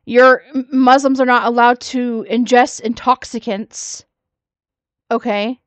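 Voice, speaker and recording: A woman's voice: fairly high pitch, fairly even intonation, slow, no echo. A woman giving sassy, mocking reaction commentary on another creator's video. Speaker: commentary YouTuber.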